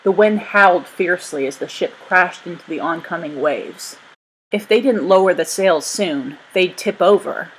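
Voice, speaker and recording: A woman narrating a chapter book aloud in a steady, expressive reading voice. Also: on the low side, unhurried, husky, poor audio. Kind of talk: storybook read-aloud.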